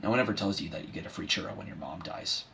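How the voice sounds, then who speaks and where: A washed-up middle-aged horse, as a man plays him, talks in a somewhat low voice with dry, bitter sarcasm. He is self-deprecating and keeps undercutting his own grief with jokes. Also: racing, creaky, pushed and bright, slight background noise, exaggerated voice. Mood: sardonic. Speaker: son giving a eulogy. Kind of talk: comedic dramatic monologue.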